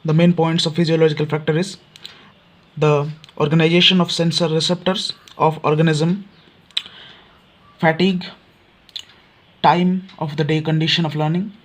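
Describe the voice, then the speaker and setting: A man with an Odia English accent gives a classroom-style lecture to exam students. His voice sits slightly high for a man, and he pauses often with filler words as he explains each point step by step. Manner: frequent fillers and restarts, repeats key points. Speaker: teacher.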